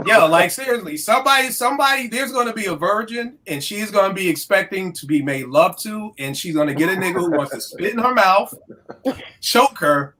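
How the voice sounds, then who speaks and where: A woman in her forties on a casual podcast, talking in an emphatic, animated, profane way. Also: medium pitch, fairly quick, slight background noise. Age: 40s.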